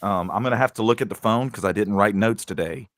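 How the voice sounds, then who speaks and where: Casual podcast co-host, man, very low voice, dry close sound, rambling storyteller. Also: quick pace, no room sound. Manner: rambling storyteller, mimics coworkers. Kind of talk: casual chat.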